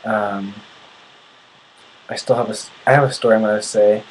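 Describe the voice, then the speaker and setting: A man's voice: lowish voice, fairly even intonation, normal speed, a little hiss or hum, poor audio. A young man from the United States venting in a casual video. He sounds indignant and often restarts his sentences. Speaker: vlogger.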